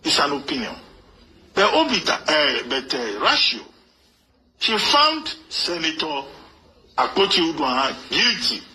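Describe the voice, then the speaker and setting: A man's voice: a little high, wildly swooping pitch, a little slow, bright, forceful tone, breathy edge, low-quality recording. Lecturing man. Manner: lecturing, explanatory, self-assured. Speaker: commentator. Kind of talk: explanatory commentary.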